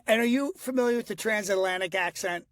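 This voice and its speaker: A middle-aged man, a voice coach, chatting animatedly on a podcast and slipping into quick impressions. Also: high-pitched, a bit bright, no echo, studio quality. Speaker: guest voice coach. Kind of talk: podcast conversation.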